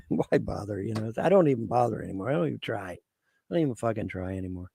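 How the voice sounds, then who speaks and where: A man's voice: fairly low pitch, animated, fast talker, creaky, mellow, slight background noise. A man chatting on a live stream, rambling and swearing, laughing often as he talks. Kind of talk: casual live stream chat.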